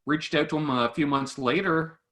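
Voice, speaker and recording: A man chats casually about making guitar gear videos. His voice is bright and forward. He talks with animation and slips into quick impressions of the people he quotes. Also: on the high side, steady tone. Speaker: guitar gear demo creator. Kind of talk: casual chat between online creators.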